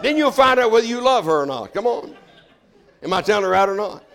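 Gravelly folksy older preacher man. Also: sits high, animated, quick pace, a bit bright. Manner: folksy, joking preaching with laughs. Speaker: pastor. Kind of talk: sermon.

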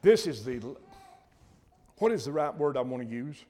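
Older male preacher, folksy and earnest, mid-pitched. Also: very animated, normal speed, mellow. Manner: folksy, earnest, repeats himself and breaks off mid-sentence. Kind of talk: sermon.

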